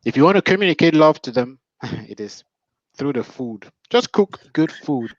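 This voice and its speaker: A man working as a relationship coach, talking about communication in a measured, preacherly, reflective way. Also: mid-range voice, expressive, no room sound. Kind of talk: motivational advice talk. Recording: dull, dry lo-fi sound.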